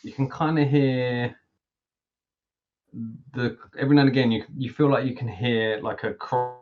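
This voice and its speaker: A man's voice: mid-range voice, steady tone, moderate pace. Guy gm rambling thru a tabletop session, lotsa ums, kinda muffled lo-fi mic. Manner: rambling, filler-heavy explanations. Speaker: game master. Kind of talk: running a tabletop game over voice chat. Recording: dull lo-fi voice chat audio.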